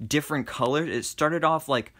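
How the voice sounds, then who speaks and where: A young man casually reviewing an animated film, enthusiastic and rambling, with lots of fillers and restarts. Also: a little high, moderate pace. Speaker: movie reviewer.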